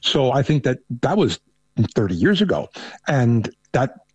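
A man's voice: medium pitch, sing-song, measured pace, darkish tone, slightly rough, dry recording, muffled recording. A man from New York with a thick New York accent, a panel guest talking conversationally and often restarting his sentences. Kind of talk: casual remote interview.

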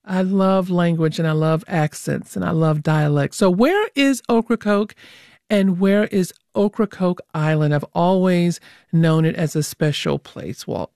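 A woman's voice: lowish voice, animated, a little slow, vocal fry, a little mellow, no room sound. A woman hosting a public radio interview show in a studio, teasing her guests in a playful way.

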